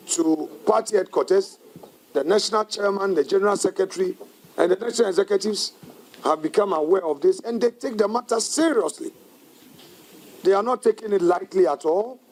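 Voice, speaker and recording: A man, a parliamentary caucus leader giving a measured, deliberate press conference statement that turns emphatic and defiant. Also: sits high, a little mellow, rough recording.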